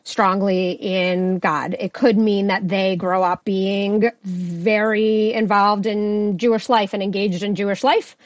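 A woman sociologist explaining her research concepts as a guest on a podcast, in a clear lecture-like way. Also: medium pitch, fairly even intonation, slow, hardly any pauses, no room sound, highs cut off. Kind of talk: podcast interview answers.

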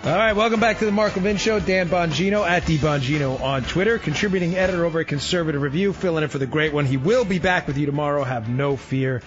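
A middle-aged man filling in as a talk radio host, delivering a fast, sarcastic, rambling political monologue. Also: on the high side, faint music behind. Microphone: studio microphone. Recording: slightly muffled radio broadcast.

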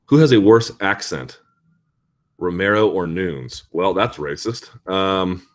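A male host of a live chat show, talking casually and answering viewer questions in an animated, ranting, sarcastic way. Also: low-pitched, slow pace.

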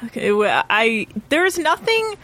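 A woman with a fairly high voice in relaxed podcast chat. She lays out her opinions flatly and bluntly, with a few hesitant starts. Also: a little slow, slight background noise. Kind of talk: casual chat.

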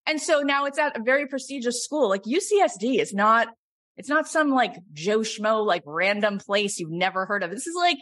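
A middle-aged woman host coaching a caller, telling animated stories and then leading a soft guided meditation. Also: fairly high pitch, normal speed. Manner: animated, storytelling, swings between excited and soft.

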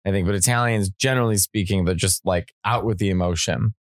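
A man with a low voice talks on a comedy podcast in a playful, teasing way. The sound is close and dry, with no room around it. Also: fairly quick, no room sound. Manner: playful, drops into mock French and Italian voices. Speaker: guest comedian. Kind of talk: casual podcast chat.

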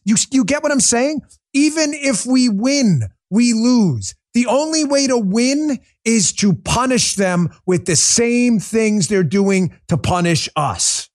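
A man hosting a livestreamed political commentary show, talking in a combative, sarcastic rant. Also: high-pitched. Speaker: political talk show host.

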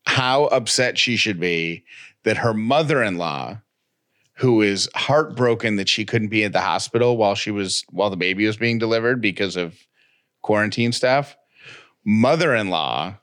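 Low bright-voiced male podcast host. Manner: animated, playfully argumentative. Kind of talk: casual podcast chat and host-read ads.

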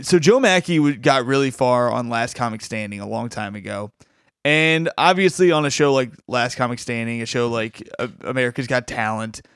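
Guy hosting a comedy podcast, gushing and rambling, smooth dry close sound. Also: mid-range voice, fairly bright tone, no echo. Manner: enthusiastic, rambling with restarts. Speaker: podcast host. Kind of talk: casual podcast chat.

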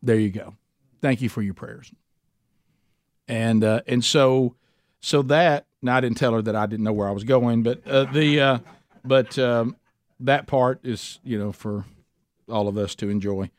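A man's voice: mid-range voice, a little slow, no room sound. Middle-aged man, rambling Bible study storyteller, dry close sound. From Alabama. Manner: rambling, self-deprecating, many restarts.

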